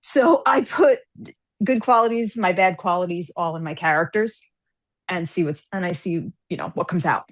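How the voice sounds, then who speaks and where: A woman guest author chatting casually on a podcast, telling stories with lively acted-out dialogue. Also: fairly low pitch, moderate pace. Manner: animated storyteller, acts out characters' lines.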